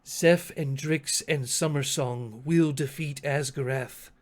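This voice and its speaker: A man voicing a calm male sage who bends time, speaking quietly, steadily and with resolve in a tabletop game. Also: a little high, slow pace. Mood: resolute.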